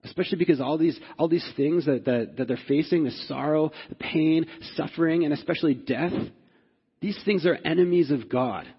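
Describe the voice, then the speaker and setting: A man's voice: on the high side, normal speed, husky, in a large hall, lo-fi sound. A man preaching a sermon as pastor, earnest, often asking "right?" of his listeners and rising in force when stirred. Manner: earnest, repeats "right?" to the congregation.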